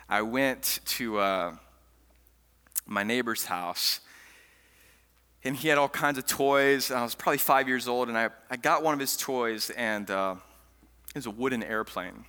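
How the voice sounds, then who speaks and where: A man preaching a sermon as pastor, telling stories with lively swings between loud, eager stretches and hushed, quiet ones. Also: medium pitch. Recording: long hall reverb.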